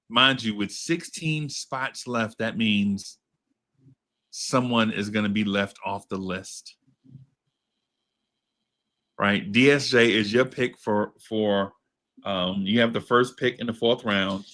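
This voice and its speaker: A man's voice: lowish voice, bright, forceful tone. A man hosting a casual group music draft, playful and slangy, laughing often. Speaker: podcast host running a music draft. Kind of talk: casual group chat on a video call.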